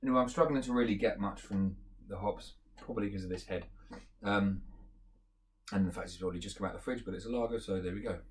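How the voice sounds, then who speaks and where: A man giving a casual beer review, talking in a relaxed, rambling way and thinking aloud with fillers as he tastes. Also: on the low side, quick pace. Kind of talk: casual beer tasting chat.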